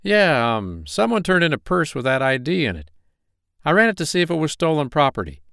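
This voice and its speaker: A man reading the part of a friendly, folksy male state investigator who talks in an easygoing, casual way, pitched well above his own voice. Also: big pitch swings, a little fast, gravelly, fairly bright tone, no echo, clean studio sound, exaggerated voice.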